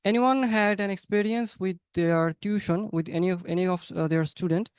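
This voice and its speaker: A man hosting a webinar in a smooth, clear voice pitched a little high. He sums up points warmly and calls on participants to speak. The sound is close and dry. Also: normal speed, dry recording. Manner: encouraging, invites speakers by name. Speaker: webinar host. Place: online webinar.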